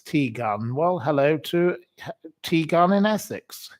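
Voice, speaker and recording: A man's voice: a little high, lively intonation. Rambling opinionated man hosting a livestream. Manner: rambling and opinionated, many pauses and restarts. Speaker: livestream host reading viewer comments. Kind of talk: casual solo livestream chat.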